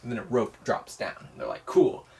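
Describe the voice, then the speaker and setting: A tipsy young man rambles through a story, swearing constantly and leaning on filler words. His voice sits at an ordinary pitch and is picked up from some distance away from the mic in a home room. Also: fairly quick, gravelly, a little hiss or hum. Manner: profane, rambling, full of "like". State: tipsy from drinking shots. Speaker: boyfriend retelling a movie plot. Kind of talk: casual rambling retelling.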